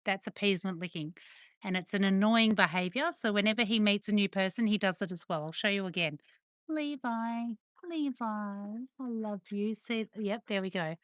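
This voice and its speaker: A middle-aged Australian woman chats with viewers in a relaxed, affectionate way and now and then coos at her dogs. Her voice sits at an ordinary pitch. The sound is dry and close, with no room echo. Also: fairly quick. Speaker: livestream host. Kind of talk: casual chat with viewers. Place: home with dogs, indoors.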